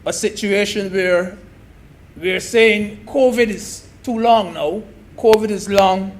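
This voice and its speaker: A man's voice: sits high, slow. A man giving an emphatic speech in a senate debate, repeating key phrases and addressing the chair as sir.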